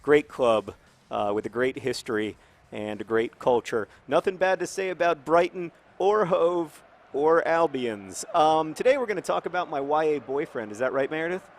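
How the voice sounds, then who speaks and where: A man's voice: a little high, expressive, normal speed. Rambling, jokey man hosting a game. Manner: rambling and jokey, with sudden shouted outbursts. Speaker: game host. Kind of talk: casual game commentary.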